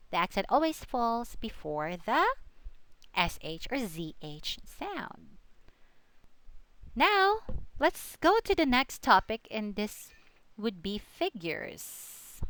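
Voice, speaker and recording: Slow, patient woman with a bright, clear voice. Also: mid-range voice, dry recording. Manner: slow and patient, repeats each example word twice; thinks aloud with fillers and self-corrections. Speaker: student teacher presenting a lesson. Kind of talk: recorded lesson on word stress.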